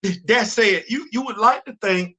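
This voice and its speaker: A middle-aged man talks through a casual streamed monologue, circling back and repeating his points emphatic slang. His voice sits high for a man and rings bright and forceful. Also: unhurried. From Bronx, New York, USA. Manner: conversational, repeats and restarts, street slang, emphatic. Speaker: show host. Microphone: streaming setup.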